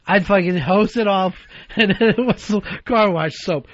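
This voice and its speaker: A man's voice: high-pitched, unhurried, no echo. A man co-hosting a crude comic radio show, blunt and profane, laughing through his rants. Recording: slightly dull broadcast audio with faint music.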